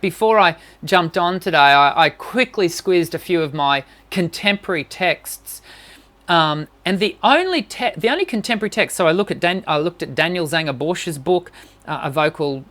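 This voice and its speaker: A woman's voice: on the low side, a bit bright. A woman vocal coach giving an encouraging, conversational live-streamed singing lesson and answering questions, with frequent restarts.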